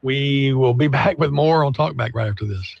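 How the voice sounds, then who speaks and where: A man's voice: medium pitch, moderate pace, creaky. A man co-hosting a talk radio show, chatting casually and telling stories with laughs and acted-out voices. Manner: storytelling, laughs often, acts out quoted people. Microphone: studio microphone. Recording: slightly dull, dry studio broadcast audio.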